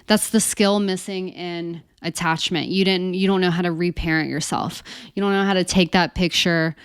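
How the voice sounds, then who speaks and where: A woman coach teaching in a casual, animated, conversational way, speaking straight to her listeners. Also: on the low side, normal speed, clean tone, no room sound, clean studio sound. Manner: animated, conversational, addresses listeners as you guys. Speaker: codependency coach.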